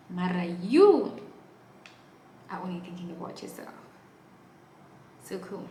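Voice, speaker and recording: A woman's voice: lowish voice, very animated, slow pace, long pauses, noisy background. Young woman vlogger, dramatic storyteller with big swings in volume; a roomy, echoey sound with faint ambience behind. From Namibia. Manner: dramatic, swings from hushed asides to loud exclaiming. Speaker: YouTuber telling a story. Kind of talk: animated storytime vlog.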